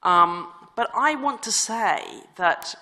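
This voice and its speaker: A woman's voice: fairly high pitch, lively intonation, slow pace, sharp tone. A woman giving a conference talk in a chatty, self-deprecating way, with many fillers and restarts. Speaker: conference speaker. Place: conference hall. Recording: reverberant conference hall.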